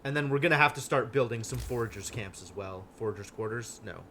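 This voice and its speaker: A man streaming a strategy game live, thinking aloud with wry deadpan asides. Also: mid-range voice, fast, a little hiss or hum. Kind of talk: live gameplay commentary.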